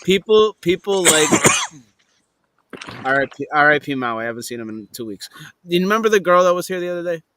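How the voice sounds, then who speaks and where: A man's voice: a little high, sing-song, pushed and bright. A man in casual podcast banter, stammering and repeating himself as he defends himself. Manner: halting, repeats words, defensive. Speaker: podcast co-host.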